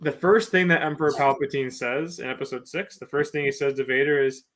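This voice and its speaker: Easygoing male co-host, somewhat high voice, casual chat. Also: a little fast, a bit bright. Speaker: podcast co-host.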